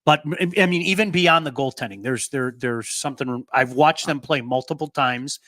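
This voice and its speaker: A man's voice: medium pitch, normal speed, fairly bright tone, dry recording. A middle-aged man hosting a casual hockey podcast, chatty and jokey, also reading sponsor spots. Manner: chatty, jokey, restarts sentences. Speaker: podcast host. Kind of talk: casual hockey chat and ad reads.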